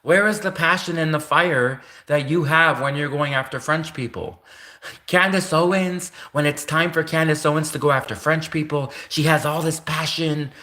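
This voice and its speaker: A man with a voice on the high side hosts a livestream, ranting casually at someone he addresses directly again and again. He keeps a moderate pace, and his tone is bright and forceful.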